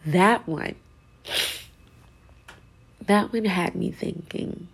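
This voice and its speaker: A woman giving a spiritual sermon, intense and urging, often sinking into a hushed whisper. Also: fairly low pitch, drawn-out words, vocal fry, slightly rough. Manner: emphatic, urging. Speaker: spiritual speaker.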